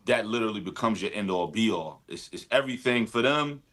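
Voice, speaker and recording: A man's voice: fairly low pitch, lively intonation, a little fast, fairly bright tone. Laid-back New rapper in his forties. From Brooklyn, New York. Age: 40s. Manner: laid-back, talkative, peppered with "you know what I mean". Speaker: guest rapper. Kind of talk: casual interview conversation.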